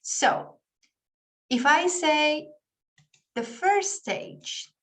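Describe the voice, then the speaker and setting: Slow-paced woman teaching an online class. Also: high voice, expressive, fairly bright tone. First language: Spanish. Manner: patient, explains with spoken examples. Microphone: video call.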